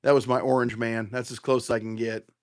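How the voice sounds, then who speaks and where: A man's voice: medium pitch, fairly quick. A man hosting a casual livestream, rambling and swearing as he tastes whiskey and answers viewers. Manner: profane, rambling, animated. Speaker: bourbon livestream host. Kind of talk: casual livestream chat, tasting and reading comments.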